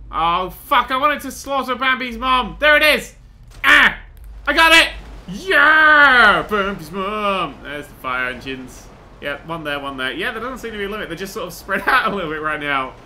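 A young man giving excitable gameplay commentary, swearing, laughing and humming tunes as he plays. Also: fairly high pitch, a little hiss or hum. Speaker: gaming video host.

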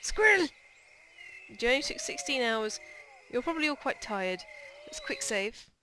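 A young woman hosting a game playthrough, chatty and excitable with quick asides. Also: high voice. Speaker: let's play host. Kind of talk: casual gameplay commentary. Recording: noisy home commentary track.

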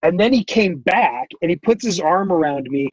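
A man's voice: sits high, lively intonation, normal speed, husky, dry recording, muffled recording. Chatty man telling a rambling story. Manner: rambling, full of fillers and restarts. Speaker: podcast guest, artist. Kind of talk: casual storytelling.

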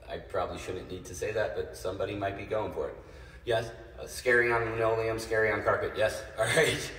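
A man's voice: medium pitch, sharp tone. A man teaching a streamed ballet class from home, counting out steps and checking in with his students. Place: home room, dancing away from the camera. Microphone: phone or camera mic from across the room. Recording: roomy, distant, with piano music. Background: piano music playing.

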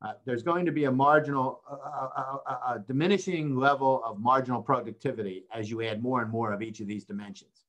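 A man's voice: mid-range voice, fairly quick, fairly bright tone. An older man, a professor of accounting, giving an online seminar lecture, explaining step by step with rhetorical questions and frequent "right?" checks.

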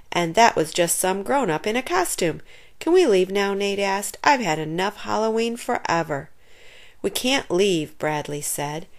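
Woman, storybook read-aloud for kids, expressive, playful character voices. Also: medium pitch. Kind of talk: reading a children's chapter book aloud.

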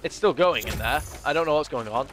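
A man's voice: fairly high pitch, expressive, fairly quick, a bit bright, slight background noise. A man streaming a video game, giving chatty, often exasperated commentary. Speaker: gaming streamer. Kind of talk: casual gameplay commentary.

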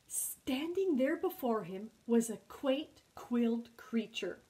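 Woman librarian, storytime reader, high voice, unhurried. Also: poor audio. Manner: expressive, animated storyteller. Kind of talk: storytime read-aloud.

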